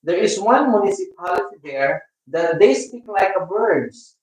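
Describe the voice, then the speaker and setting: A man with a Filipino accent hosting a casual live stream, chatting with viewers in a rambling, halting way. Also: high voice, very animated. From Philippines. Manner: rambling, halting, with many restarts. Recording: echoey room, mic at a distance.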